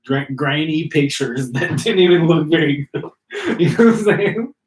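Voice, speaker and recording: A man co-hosting a podcast in casual chat, rambling and quick to laugh. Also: fairly high pitch, animated. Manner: laughs easily, rambling and chatty. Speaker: podcast co-host. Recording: echoey room with faint noise.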